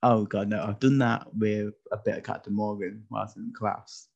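A man's voice: fairly low pitch, little pitch movement, normal speed, vocal fry. A man with a lisp hosting a podcast, chatting casually and joking around, often tripping over his words. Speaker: podcast host. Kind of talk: casual chat. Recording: dull lo-fi podcast audio.

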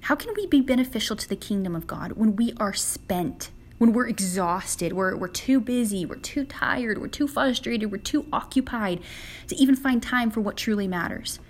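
A woman's voice: on the high side, lively intonation, moderate pace. A young woman hosting a devotional podcast for women, speaking in an earnest, conversational way. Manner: earnest and conversational, acts out quoted prayers. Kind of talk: casual devotional talk.

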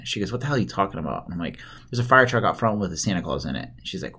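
A man's voice: deep voice, expressive, racing, sharp tone. A man in his thirties hosting a casual chat, telling rambling stories and laughing often.

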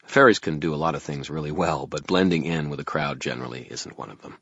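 Brief: very deep, husky man, wry first-person audiobook narration, muffled lo-fi recording. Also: fast, a bit bright, no room sound.

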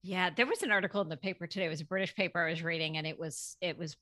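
A woman's voice: lowish voice, very fast, bright, forceful tone, no echo, studio quality. An American woman hosting a casual interview, asking curious prompting questions. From United States. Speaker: host, interviewer.

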